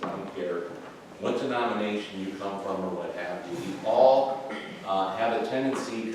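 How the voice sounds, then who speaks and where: A man's voice: on the low side, background noise. A man leading an evening Bible class, talking conversationally with fillers and restarts. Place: church classroom. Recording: very echoey room, far from mic.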